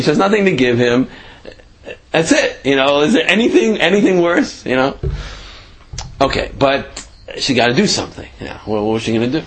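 A man telling a moral story in a lively way, acting out every character. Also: a little high, rough recording.

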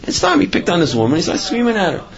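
A man's voice: sits high, wildly swooping pitch, quick pace. Guy telling a religious story, keeps restarting, muffled lo-fi sound. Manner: rambling, many restarts and filler phrases. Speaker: religious speaker. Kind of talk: storytelling talk.

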